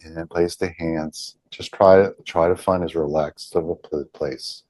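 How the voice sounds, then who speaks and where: A man leading a group healing session over a video call, speaking slowly and deliberately and softly repeating affirmations. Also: deep voice, steady tone, no room sound.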